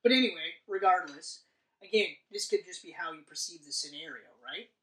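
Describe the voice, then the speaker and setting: A man talks through a film he watched in a loose, rambling way, swearing often and slipping into little voices for the characters. His voice has an even, middle pitch. The sound is roomy and distant, as though he is sitting well back from the mic. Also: a little fast. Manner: profane, rambling, acts out scenes. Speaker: podcast co-host. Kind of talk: casual movie discussion. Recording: echoey room, mic at a distance.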